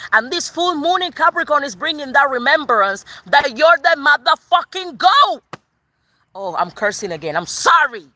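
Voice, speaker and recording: A woman giving a live tarot reading, excitable and expressive, swearing casually as she talks to viewers. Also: sits high, normal speed. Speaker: tarot reader.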